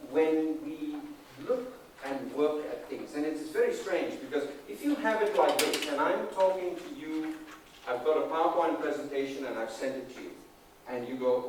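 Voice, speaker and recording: A man giving an energetic, emphatic conference talk as a leadership trainer, often checking in with the audience. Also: fairly high pitch, a little hiss or hum. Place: large conference hall. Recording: distant, echoey hall recording.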